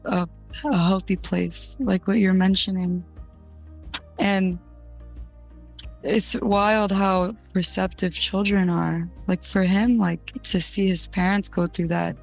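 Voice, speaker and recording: Flat-toned podcast host. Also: mid-range voice. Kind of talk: interview chat.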